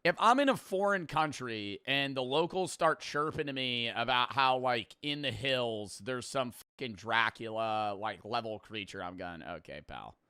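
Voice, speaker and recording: A man's voice: medium pitch, a little slow, few pauses, pushed and bright, clean tone, dry recording. A young man streaming, reacting with brash, profane, jokey commentary. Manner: brash, swears freely, jokey.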